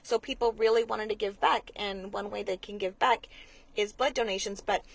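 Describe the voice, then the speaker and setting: A woman speaks as an interview guest, earnest and explanatory. She often restarts her sentences and fills pauses with small hesitations. Her voice sits at an ordinary middle pitch. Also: steady tone, gravelly. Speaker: blood center marketing manager, guest. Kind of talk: conversational interview.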